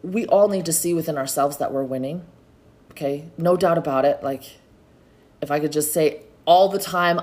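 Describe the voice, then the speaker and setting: Woman podcast host, lowish voice, chatty, encouraging, middle-aged, solo motivational talk. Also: normal speed, darkish tone. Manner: chatty, encouraging, addresses listeners as y'all.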